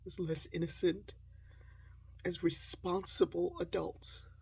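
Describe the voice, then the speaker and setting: A woman telling a story straight to her audience, lively and acting out the voices of the people in it. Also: on the low side, slow, vocal fry, slightly rough. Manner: lively storyteller who acts out quoted voices.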